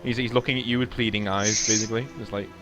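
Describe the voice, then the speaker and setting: A man runs a tabletop game as game master, narrating with many fillers and restarts. His voice sits on the low side. Music plays clearly in the background. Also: steady tone, quick pace. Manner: hesitant, full of fillers.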